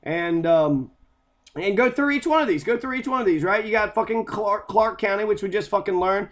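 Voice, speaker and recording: A man's voice: high-pitched, normal speed, fairly bright tone. A man from Kentucky giving a heated, sarcastic, profanity-filled monologue about local history. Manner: heated, sarcastic, constant swearing.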